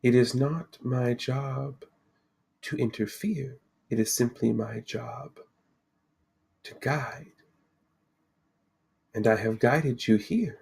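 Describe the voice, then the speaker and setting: A man's voice: mid-range voice, creaky, darkish tone, husky, exaggerated voice. A man voicing a serene ancient spirit woman. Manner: slow, measured, solemn pronouncements. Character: serene ancient female fate spirit, calm and cryptic.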